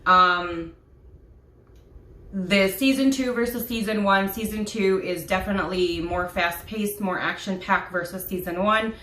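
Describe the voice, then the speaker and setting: A woman's voice: medium pitch, measured pace, bright, forceful tone. Gushing woman vlogger in an echoey room. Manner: emotional and gushing, with frequent fillers and laughs. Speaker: vlogger reviewing a TV series. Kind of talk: casual chat.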